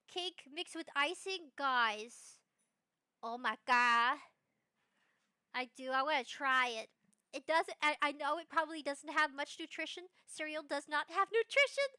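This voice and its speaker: A young woman streaming live, chatting in a rambling, bubbly way with bursts of excited squeals. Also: high-pitched, dry recording, clean studio sound. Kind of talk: casual live-stream chat.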